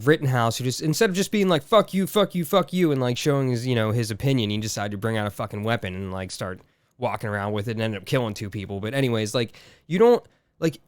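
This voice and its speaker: A man's voice: medium pitch, dry recording, clean studio sound. A man co-hosting a podcast, talking in a rambling, exasperated way with many fillers and restarts. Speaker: podcast co-host. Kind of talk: casual chat.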